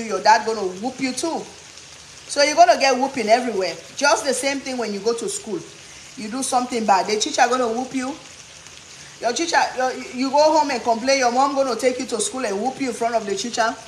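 Woman cooking vlogger, animated funny storyteller, highish voice, roomy kitchen echo, faint sizzling. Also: brisk, a little hiss or hum. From Africa. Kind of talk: storytelling chat while cooking. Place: home kitchen.

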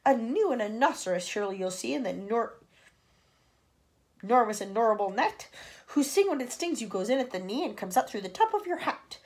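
A woman voicing an excitable, grinning male centipede, reciting in a boisterous sing-song way. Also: fairly high pitch, fairly quick, voice pushed up. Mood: gleeful.

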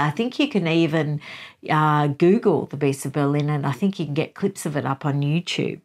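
A woman hosting a book review show, talking through a chapter in an animated, conversational way. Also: on the low side.

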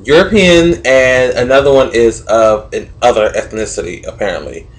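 A man's voice: medium pitch, normal speed. A young man giving sarcastic, opinionated commentary to camera, swearing freely and asking questions he answers himself. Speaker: vlogger.

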